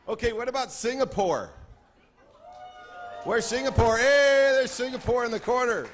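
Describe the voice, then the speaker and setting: A man speaking on stage at a convention, playfully calling out to groups in the crowd and shouting greetings. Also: very high voice, expressive, moderate pace, faint music behind. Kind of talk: lively stage address to a crowd. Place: large convention hall with a crowd.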